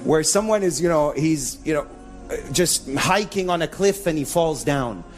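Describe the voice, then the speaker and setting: Animated preacher with a lively voice. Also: male voice, a little high, unhurried, soft background music. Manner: animated, mixes in Arabic phrases. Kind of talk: live sermon to an audience. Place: venue with a sound system.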